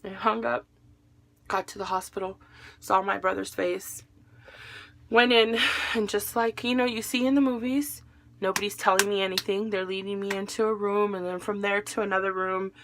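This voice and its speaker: A woman's voice: mid-range voice, steady tone, normal speed, fairly bright tone, slight background noise. A young adult woman recounting a painful day in a personal vlog, emotional as she relives events and quotes the people she spoke with. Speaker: widow telling her story.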